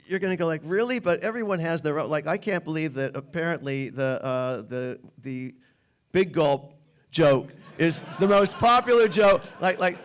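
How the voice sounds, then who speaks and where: A man's voice: on the high side, normal speed, clear, resonant tone. A man in his sixties, a screenwriter, telling stories at a cinema Q&A with stammering restarts. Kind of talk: storytelling on stage. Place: cinema stage.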